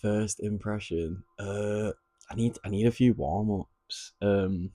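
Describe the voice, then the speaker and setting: A man co-hosting a podcast, chatting casually with relaxed, joking banter. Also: fairly low pitch, takes it slowly, no room sound, studio quality. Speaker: podcast co-host. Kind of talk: casual chat.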